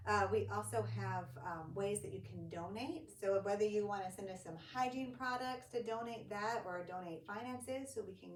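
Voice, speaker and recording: A woman's voice: mid-range voice, normal speed, few pauses. Woman telling a funny church story, acts out voices, roomy echo, faint hiss. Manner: animated storyteller acting out quoted voices. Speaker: ministry executive director, guest. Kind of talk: casual storytelling interview. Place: church studio or room. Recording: echoey room, distant mic, faint hiss.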